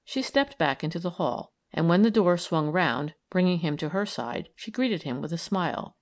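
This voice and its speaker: A woman reading a story aloud in a measured, calm narration. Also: lowish voice. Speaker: audiobook reader.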